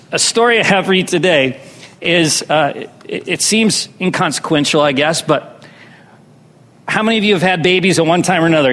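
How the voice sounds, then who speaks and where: A pastor preaches a sermon, pulling his congregation into call-and-response. His voice sits high and a bit bright, and the recording has the long reverb of a hall.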